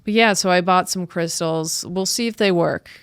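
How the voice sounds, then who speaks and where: A woman in her thirties, a comedian hosting her own podcast, rambling through a casual monologue with halting restarts. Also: lowish voice, a bit bright, smooth, no room sound. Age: 30s. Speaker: podcast host and stand-up comedian.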